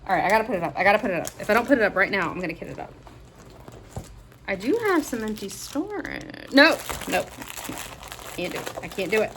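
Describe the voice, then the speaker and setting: A woman vlogger chatting casually to her viewers in a gushing, excitable way, often gasping. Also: medium pitch, fast talker, long pauses, a little hiss or hum. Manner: gushing and excitable, with frequent gasps. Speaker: crafting vlogger. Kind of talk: casual vlog chat.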